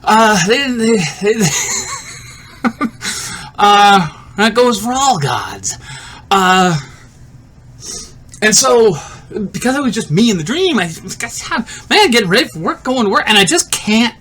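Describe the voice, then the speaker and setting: A man telling a personal story in a casual monologue, animated, laughing often and swearing freely. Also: high voice, slow, long pauses, a little hiss or hum.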